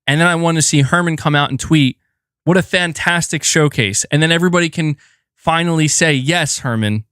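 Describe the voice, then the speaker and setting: A man doing casual live-stream commentary on gaming news, animated and slangy, laughing often and acting out mock exchanges. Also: a little high, fairly quick, clean tone, no echo, clean studio sound.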